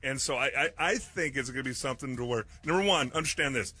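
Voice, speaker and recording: A man's voice: medium pitch, fast, bright, forceful tone, slightly rough. A man giving his views on football rules on a radio show, explaining point by point with emphasis. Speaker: sports commentator. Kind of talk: football opinion talk.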